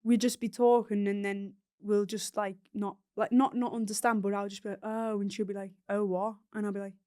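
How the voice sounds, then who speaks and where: A woman's voice: mid-range voice, little pitch movement, a little fast, a little mellow. A young woman with an English accent, a podcast guest who chats casually and tells stories, acting out the dialogue she quotes. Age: young adult. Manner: storytelling, often acts out quoted dialogue. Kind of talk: casual chat.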